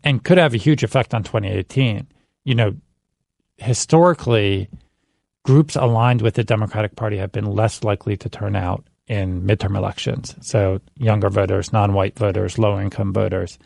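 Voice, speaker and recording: Gravelly man in casual podcast chat. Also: lowish voice, fairly even intonation, moderate pace, a little mellow, no echo, studio quality. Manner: thinks aloud with frequent restarts and "you know". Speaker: managing editor on a politics podcast. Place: studio. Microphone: studio mic.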